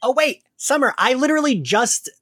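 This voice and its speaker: Podcast host, woman, giggly, animated intonation, dry close mic. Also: sits high, a little fast, husky, dry recording. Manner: giggly, chatty, lots of fillers. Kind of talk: casual chat.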